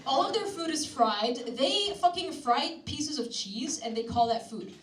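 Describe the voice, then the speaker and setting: Crude deadpan stand-up comedian woman. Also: sits high, unhurried. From Syria. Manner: crude, deadpan jokes with mocking put-on voices. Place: comedy club stage before a live audience. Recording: roomy club sound from a distance, loud crowd laughter.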